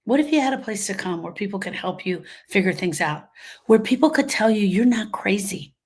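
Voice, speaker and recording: Her medium-pitched voice has a darkish tone and breathy edge, moving fairly quickly with lively intonation. A woman grief coach, she gives an emphatic motivational talk live, repeating phrases and voicing the people she quotes.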